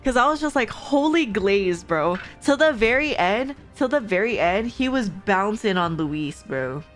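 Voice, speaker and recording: Excitable young woman streamer. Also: on the high side, normal speed. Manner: excitable, slangy, laughs often. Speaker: gaming streamer. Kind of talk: casual let's-play commentary. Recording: faint background game music.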